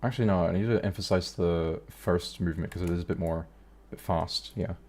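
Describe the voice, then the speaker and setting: Low-voiced man thinking aloud on stream. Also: a little fast. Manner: relaxed thinking aloud, self-talk. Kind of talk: live-stream commentary while animating.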